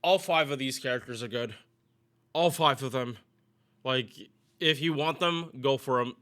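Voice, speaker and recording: A man's voice: mid-range voice, measured pace, bright, forceful tone. A man giving casual, rambling game commentary to his viewers, often restarting his sentences and chatting directly to them. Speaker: gaming YouTuber.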